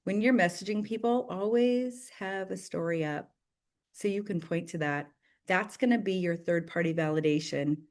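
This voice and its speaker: A woman in her thirties leading a direct-sales team call, chatty and enthusiastic, full of "like"s and "you guys" and quick laughs. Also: on the low side. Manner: bursts of laughter and excited acted-out quotes. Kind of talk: casual motivational team call.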